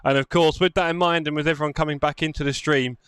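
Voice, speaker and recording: A man speaks fast in a high-ish, steady, fairly bright and clean voice with no echo. He's hosting a live sim racing stream at his home setup, chatting, commentating, and congratulating drivers after the race.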